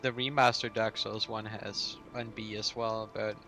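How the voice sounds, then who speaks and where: A man's voice: on the low side, level tone, measured pace, sharp tone, faint music behind, low-quality recording. A man co-hosting a casual gameplay video, playfully teasing his friend as they play. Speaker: gaming co-host.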